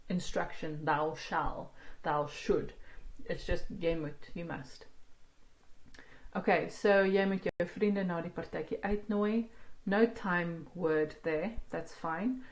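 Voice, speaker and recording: A woman gives a patient online language lesson. She talks slowly in a fairly low voice. She breaks every example down piece by piece and translates as she goes. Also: a little mellow. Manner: slow, explaining each word and translating line by line. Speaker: Afrikaans language teacher.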